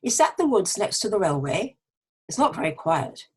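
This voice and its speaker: A woman's voice: mid-range voice, sing-song, normal speed, darkish tone, husky. A woman reading as a curious young woman who keeps asking her friend questions, in a scripted pronunciation-lesson dialogue.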